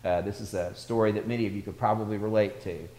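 A man's voice: lowish voice, steady tone, quick pace, warm tone. A man delivering a sermon, telling stories and building his voice up as he goes. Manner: storytelling preacher, builds in volume for anecdotes. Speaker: pastor. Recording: echoey hall.

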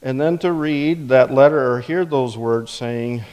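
A man's voice: medium pitch, measured pace, few pauses, darkish tone. A man preaching a sermon in a conversational way, with many rhetorical questions. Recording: reverberant hall.

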